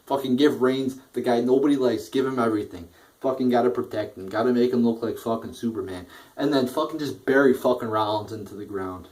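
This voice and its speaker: A man's voice: fairly low pitch, darkish tone, recorded from a distance. A man giving a profane, sarcastic, exasperated review of a show in a casual rant.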